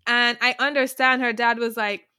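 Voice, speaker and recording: Podcast lady gossiping about a reality show, bright sharp voice, laughs a lot, dry close sound. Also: on the high side, normal speed, clear, resonant tone, no room sound. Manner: animated, laughs often, dramatic retellings. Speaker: podcast co-host. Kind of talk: casual chat.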